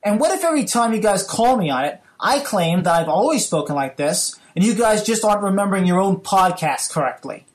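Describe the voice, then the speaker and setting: A man with a put-on British accent voicing a pompous gentleman caller in a comic, profane voicemail rant. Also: high-pitched, lively intonation, fairly quick, hardly any pauses. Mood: haughty. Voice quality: mock-haughty, profane.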